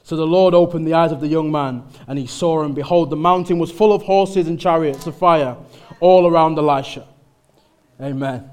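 A male preacher with a Mancunian accent, giving a conversational sermon that builds to loud exhortation in church. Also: on the high side, normal speed, clear, resonant tone.

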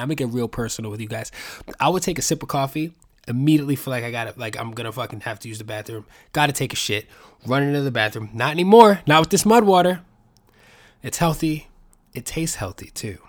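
Profane rambling man, casual monologue. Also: medium pitch. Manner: profane, rambling, animated asides. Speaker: podcast host.

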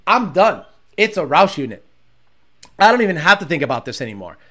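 A man livestreaming to his car channel's chat, talking casually in an animated, profane, slangy way. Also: a little high, fairly quick.

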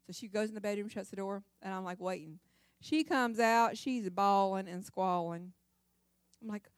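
A woman's voice: medium pitch, moderate pace, dry recording, studio quality. A middle-aged woman giving a church testimony, telling her story in a dramatic, emphatic way. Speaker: church speaker. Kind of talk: sermon testimony.

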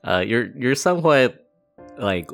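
A man's voice: mid-range voice, sing-song, a little slow, gravelly, soft background music. A man narrating a tabletop game as game master, in a casual way with many fillers.

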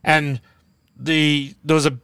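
An Australian man hosts a loose, rambling podcast chat from inside a car, laughing often as he talks. His voice is smooth and clear, recorded dry with no room sound. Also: on the high side, level tone, slow, fairly bright tone, no echo. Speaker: podcast host. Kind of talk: casual chat.

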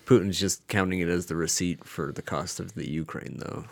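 A man's voice: deep voice, brisk, vocal fry, dry recording. A man co-hosting a comedy podcast, tossing in dry quips. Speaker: podcast co-host. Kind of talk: casual comedic chat.

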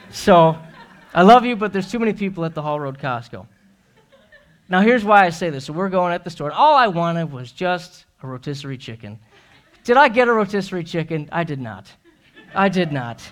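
A male pastor preaching a sermon in a church, earnest and self-deprecating, ending in prayer. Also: on the high side. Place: church sanctuary.

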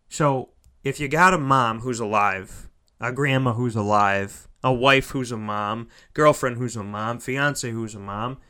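A man giving a heartfelt motivational monologue. He repeats phrases for emphasis and swings between loud, pushing lines and soft, near-whispered ones. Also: medium pitch, clean tone.

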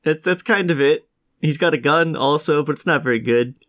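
A man's voice: on the high side, normal speed, a bit bright. A man co-hosting a casual podcast chat, sick with a cough, telling stories in a dry, wry way. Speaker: podcast co-host.

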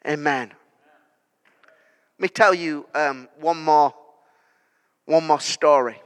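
Casting: high, bright-voiced preacher, slow storytelling rising to declarations, church hall reverb. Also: male voice, smooth. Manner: storytelling that builds to loud declarations. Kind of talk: sermon.

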